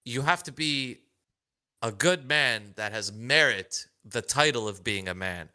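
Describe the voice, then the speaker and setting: Earnest emphatic man, bright voice. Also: a little slow, clean tone. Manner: earnest, emphatic, pitch jumps when excited. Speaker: podcast co-host. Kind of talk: casual chat.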